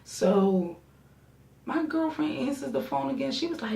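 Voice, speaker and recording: A young woman vlogger telling a casual story, animated and acting out her friends' voices. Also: high voice, unhurried, gravelly. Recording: roomy echo, distant mic.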